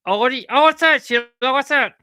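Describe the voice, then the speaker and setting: A woman's voice: medium pitch, lively intonation, takes it slowly, pushed and bright, dry recording, clean studio sound, pitched above the performer's own voice. A woman voicing a cheeky, crude male platypus puppet who teases his partner by name. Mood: excited. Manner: teasing, rowdy, keeps saying Sheila.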